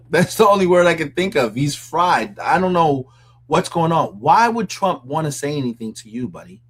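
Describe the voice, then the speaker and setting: A man's voice: fairly high pitch, big pitch swings, moderate pace, slightly rough. A man hosting a casual commentary show, reacting with mocking disbelief and frequent laughs. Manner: incredulous, mocking, laughs often. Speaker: commentary host.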